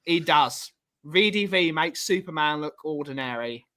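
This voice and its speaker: A man's voice: on the high side, animated, measured pace, bright, forceful tone. A man from Wales co-hosting a fan livestream, chatting casually and greeting viewers in the chat.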